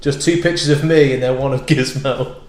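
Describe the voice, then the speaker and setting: A man's voice: mid-range voice, steady tone, fairly quick. A man who is a comedian, chatting loosely as a podcast guest, rambling and restarting his thoughts. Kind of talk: casual podcast chat. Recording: roomy echoey room.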